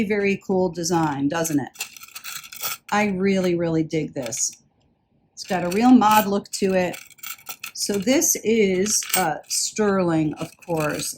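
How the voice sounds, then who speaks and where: A woman's voice: on the low side, a little mellow, slight background noise. A woman vlogging a casual haul video about jewelry she bought, chatty and enthusiastic, often repeating words for emphasis. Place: indoors, traveling.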